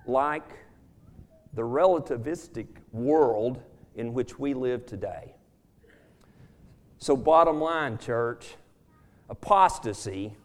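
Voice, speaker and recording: Slow, deliberate male preacher. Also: medium pitch. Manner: slow, deliberate teaching delivery. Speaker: speaker in a church service. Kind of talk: sermon.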